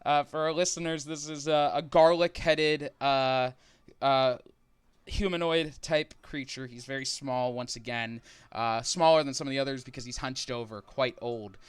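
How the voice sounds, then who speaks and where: A man's voice: mid-range voice, steady tone, normal speed, clear, resonant tone, no echo. A man narrating a tabletop game as game master, describing scenes in a rambling, filler-heavy way.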